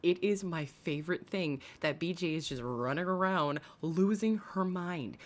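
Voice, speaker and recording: A woman's voice: fairly low pitch, measured pace. A woman hosting a casual commentary livestream, chatty and gossipy, swearing freely and greeting viewers by name. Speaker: livestream host.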